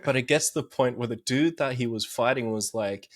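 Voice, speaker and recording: A man's voice: medium pitch, steady tone, brisk, hardly any pauses. A young man recapping anime on a podcast, laughing often and swearing casually as he tells the story.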